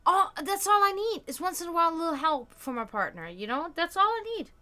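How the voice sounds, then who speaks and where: Bright chatty woman streamer. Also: extremely high pitch, expressive, quick pace. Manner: chatty, answers chat comments, many fillers and restarts. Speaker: livestream host. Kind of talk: casual livestream chat.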